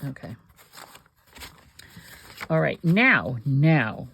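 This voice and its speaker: A woman's voice: low voice, animated, unhurried, creaky, pauses often, slight background noise. A woman hosting a crafting video, chatting and thinking aloud with rambling asides while she works. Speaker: crafting channel host.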